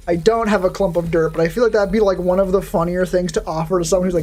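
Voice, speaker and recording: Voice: mid-range voice, steady tone, very fast, hardly any pauses, a little mellow, soft background music. A VTuber streamer chatting casually with a live audience and answering chat, with a sardonic, profane, rambling manner.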